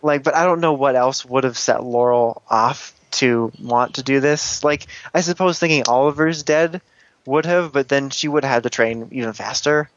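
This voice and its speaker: A man's voice: medium pitch, normal speed, lo-fi sound. A man co-hosting a podcast in casual chat, rambling and giggly, with lots of fillers and restarts. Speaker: podcast co-host.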